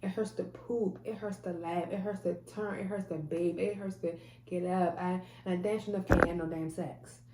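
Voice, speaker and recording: A woman's voice: lowish voice, fairly even intonation, moderate pace, hardly any pauses, reverberant, heavy background noise. A woman telling a personal faith testimony in a casual, emphatic way, repeating phrases and restarting often. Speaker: mother sharing a faith testimony.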